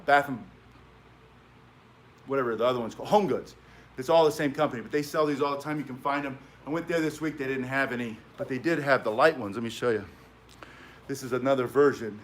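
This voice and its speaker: A man's voice: a little high, fairly bright tone. A middle-aged man teaching self-defense, talking casually with chatty asides and frequent "right?" tags. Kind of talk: casual instructional talk.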